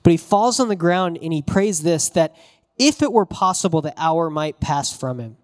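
A pastor preaching a conversational sermon, telling the story casually and animatedly with bits of slang. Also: male voice, fairly high pitch, lively intonation, normal speed.

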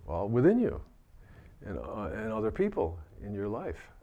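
A man with a fairly low voice delivers a Buddhist dharma talk. He speaks gently and reflectively, working his way through ideas and often restarting phrases as he searches for words. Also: huge pitch swings, moderate pace, narrow, tinny audio. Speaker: Buddhist teacher.

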